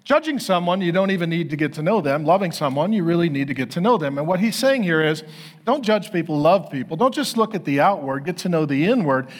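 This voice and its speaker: A man in his fifties, a pastor, giving a sermon as animated, self-deprecating stories. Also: on the high side, fast talker. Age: 50s. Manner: animated, self-deprecating storytelling with acted quotes.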